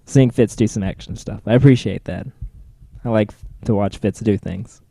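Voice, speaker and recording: A man's voice: on the low side, normal speed, vocal fry, dark tone, no echo. A man co-hosting a podcast, chatting casually about TV episodes with joking, sarcastic asides. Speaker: podcast co-host. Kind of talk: casual TV recap chat.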